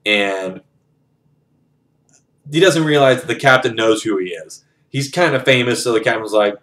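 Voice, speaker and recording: A man's voice: mid-range voice, lively intonation, normal speed, a bit bright. Man casually retelling a novel. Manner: profane, rambling, conversational. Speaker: book reviewer retelling a novel. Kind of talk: casual spoken retelling of a story.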